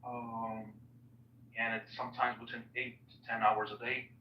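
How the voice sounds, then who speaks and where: Halting Italian-accented man on a hollow line. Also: mid-range voice, little pitch movement. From Italy. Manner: earnest, halting, repeats words while searching for phrasing. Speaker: guest in an online audio chat. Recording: echoey, distant, dull audio chat.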